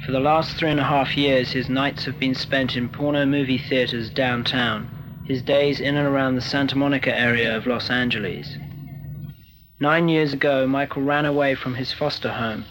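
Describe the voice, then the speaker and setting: A man narrating a documentary in a calm, matter-of-fact scripted delivery. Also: medium pitch, normal speed, poor audio. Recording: narration over music.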